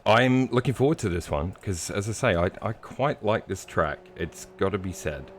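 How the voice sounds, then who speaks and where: Low-voiced joking male race commentator. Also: moderate pace, a little hiss or hum. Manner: jokey, playful teasing. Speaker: sim racing commentator.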